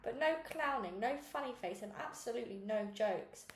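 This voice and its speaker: A woman's voice: a little high, animated, normal speed, reverberant, a little hiss or hum, lightly acted. A woman reading aloud, voicing a pushy, dismissive male TV director who calls children sweetie. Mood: brisk.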